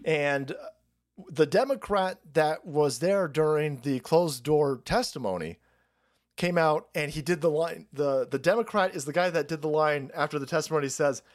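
Stream host, male, foul-mouthed and sarcastic; a lively, up-and-down delivery. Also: normal speed. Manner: sarcastic, swears a lot, pitch swings widely. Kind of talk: profane political rant.

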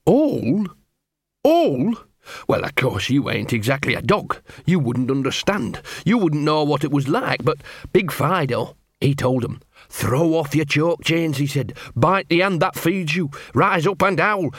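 A man's voice: a little high, animated, measured pace, fairly bright tone, no room sound, studio quality, voice pushed up. A man voicing a small, scruffy male talking dog who is nervous and eager to please. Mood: awed. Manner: anxious, fawning, jittery.

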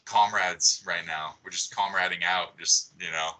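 A man's voice: sits low, fairly even intonation, a little slow, bright, forceful tone, poor audio. A young man chatting casually as a podcast guest, swearing freely and full of likes and you-knows. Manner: swears a lot, laid-back filler-heavy talk. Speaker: podcast guest, jiu-jitsu competitor.

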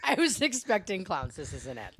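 Chatty giggly woman, lively voice. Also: medium pitch, moderate pace, a crowd in the background. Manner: chatty, giggly, lots of fillers and restarts. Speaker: podcast co-host. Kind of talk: casual chat.

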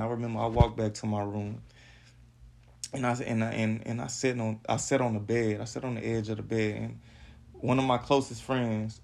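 Low gravelly guy, flat voice, stumbles and repeats himself, says "man" a lot. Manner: halting, repeats words, calls listener "man". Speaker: podcast host. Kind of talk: personal storytelling.

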